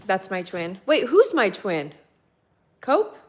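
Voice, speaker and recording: A woman in her thirties chats with viewers while doing dishes at home, talking into a phone. Her voice sits in an ordinary middle pitch, and she rambles, laughs easily and circles back to her points. A faint hiss sits under the home recording. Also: very animated, takes it slowly. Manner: chatty, rambling, laughs often. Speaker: vlogger and mother of three boys. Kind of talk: casual chat with viewers while doing chores. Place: home kitchen.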